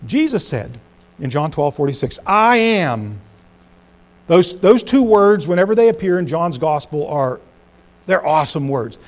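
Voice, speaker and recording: Man, pastor, preaching a sermon, high voice, middle-aged, bursts of emphasis dropping to hushed tones. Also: very animated, moderate pace. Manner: preaching with swings between loud emphasis and hushed low phrases.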